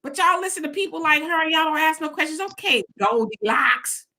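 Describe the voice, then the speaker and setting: A woman hosts a live-stream political commentary show. Her high, sharp, bright voice drives emphatic, mocking talk, full of pointed rhetorical questions. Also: fairly quick. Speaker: host.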